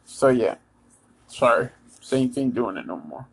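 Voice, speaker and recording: American guy doing his weekly football picks, lots of ums and restarts, mid pitched voice, just chatting. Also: very animated, creaky, breathy edge, low-quality recording. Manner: halting, many ums and restarts; Eagles fan, talks straight to listeners. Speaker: sports vlogger giving picks. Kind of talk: casual predictions monologue.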